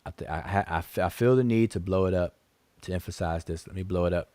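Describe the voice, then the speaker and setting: A man with a deep, mellow voice talks quickly, with no echo, as a channel host teaching hieroglyphs. In a screen-share lesson with a rebuttal, he walks viewers through tomb photos, speaking emphatically, counting aloud and repeating himself often.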